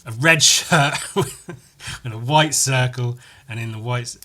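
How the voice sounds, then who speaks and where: A man's voice: medium pitch, slow, sharp tone, a little hiss or hum. A man hosting a solo comedy podcast, telling a rambling story that keeps correcting itself, with crude asides. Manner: meandering, self-correcting, crude jokes. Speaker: podcast host.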